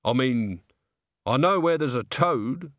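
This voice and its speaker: A man's voice: mid-range voice, animated, slow pace, a bit bright, dry recording, studio quality. A man voicing a worried, hesitant tavern keeper who stumbles over his words. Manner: hesitant, with ums.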